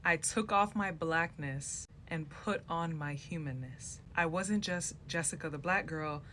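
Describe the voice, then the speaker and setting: Low-voiced woman, heartfelt and emphatic. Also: a little slow, fairly bright tone, a little hiss or hum. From United States. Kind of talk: personal testimony.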